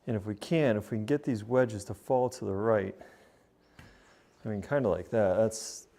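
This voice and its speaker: A man's lowish, mellow voice with vocal fry moves at a normal speed as he streams from his home golf simulator. Offering casual commentary on his practice shots, he coaches the viewers collectively and repeats himself.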